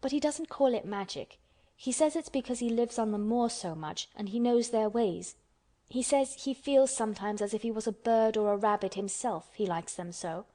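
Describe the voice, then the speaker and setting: A woman's voice: a little high, moderate pace, warm tone, close to an everyday voice. A woman voicing a blunt, stubborn young orphan girl who speaks earnestly in a storybook. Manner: earnest, contrary storybook telling.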